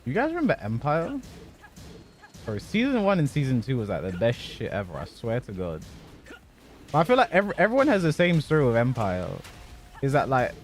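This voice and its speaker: A man's voice: medium pitch, wildly swooping pitch, normal speed, pauses often, soft background music. A young man, a streamer and fighting game competitor, chatting casually and profanely while he plays. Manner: loose, profane storytelling.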